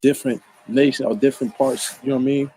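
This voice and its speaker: A man's voice: mid-range voice, fairly even intonation, fast, dark tone, slight background noise. A man from the Baltimore area delivering a profane, boastful monologue full of slang and combative trash talk. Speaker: online commentator.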